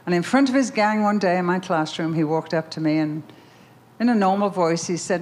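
An older woman giving a Christian talk, telling a personal story in an animated, emphatic way full of questions. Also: lowish voice, fairly quick. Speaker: Christian speaker.

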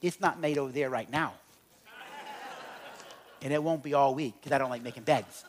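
A middle-aged man speaking to an audience about relationships, telling humorous stories and swinging between loud and quiet. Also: medium pitch, normal speed, slight background noise. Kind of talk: humorous storytelling talk to an audience.

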